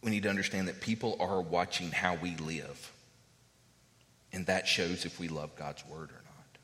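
Bright-toned preacher man in a reverberant church. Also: low voice, normal speed. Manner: conversational preaching with fillers and repeated phrases. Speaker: pastor. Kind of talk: sermon.

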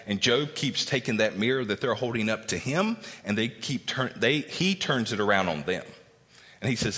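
A man, a pastor, giving a conversational sermon and Bible teaching, animated as he acts out the people he quotes, with many fillers and tag questions. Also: normal speed. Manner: animated, acts out quoted speakers with raised pitch. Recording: long reverb of a church hall.

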